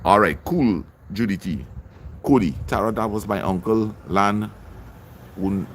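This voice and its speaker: With slight background noise behind him, a middle-aged man with a low-leaning voice runs a livestream at a measured pace. He reads the chat aloud and gives viewers personal shout-outs by name.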